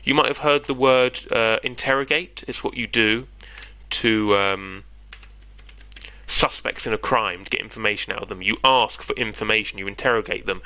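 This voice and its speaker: A man's voice: on the low side, moderate pace, bright, forceful tone, poor audio. A man with a British accent, patiently explaining grammar as a tutor in an online lesson and checking in with his listener. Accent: British English. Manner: patient, conversational, checks in with "yeah?".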